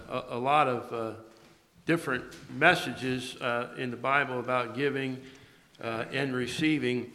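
A man's voice: medium pitch, bright, forceful tone. Man preaching in a reverberant church. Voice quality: halting, many fillers and restarts. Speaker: pastor. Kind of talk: sermon. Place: church sanctuary. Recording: long reverb of a large church.

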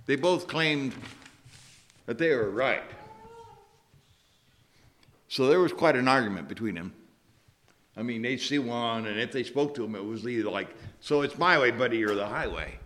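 Male preacher, animated intonation, chatty storyteller with asides. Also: mid-range voice. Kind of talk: sermon.

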